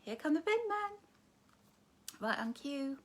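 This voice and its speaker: A high-pitched middle-aged woman with a Northern English accent, talking casually from her living room into a phone or webcam. She greets viewers warmly by name and keeps things light with giggly, self-deprecating asides. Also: very animated, takes it slowly, slight background noise. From England. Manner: chatty, affectionate, greets viewers by name with "darling" and "love". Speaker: author hosting a live book launch. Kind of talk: casual livestream chat to viewers. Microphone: phone or webcam facing her.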